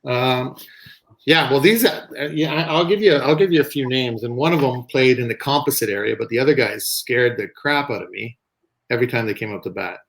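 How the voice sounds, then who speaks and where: Guy spinning softball stories, lively, does the voices, medium-pitched. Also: a little fast, gravelly. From Canada. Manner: animated, acts out quoted voices. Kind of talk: casual storytelling interview.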